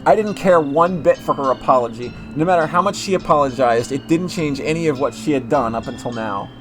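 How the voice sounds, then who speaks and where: A man's voice: on the high side, faint music behind. Man narrating a horror visual novel. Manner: measured first-person narration with occasional restarts. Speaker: reader. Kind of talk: reading a visual novel aloud.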